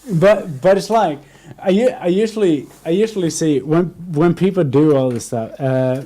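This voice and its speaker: A young man chatting casually as a podcast host, with a mellow, dark-toned voice. He rambles through stories, restarts his sentences often and acts out what people said to him. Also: on the high side, unhurried. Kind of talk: casual chat.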